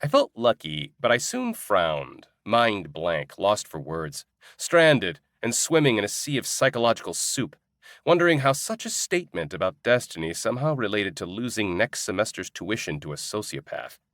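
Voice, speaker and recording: Low, lively wry male audiobook narrator. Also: moderate pace, no room sound, studio quality. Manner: wry, sardonic comic storytelling. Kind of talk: scripted first-person audiobook narration.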